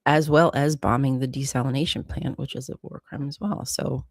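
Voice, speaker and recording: A woman co-hosting a podcast, chatting casually about the news and rising in pitch and volume when she stresses a point. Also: fairly quick, no echo, clean studio sound. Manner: animated, swings up in pitch and loudness for emphasis. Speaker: podcast co-host. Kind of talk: casual political chat.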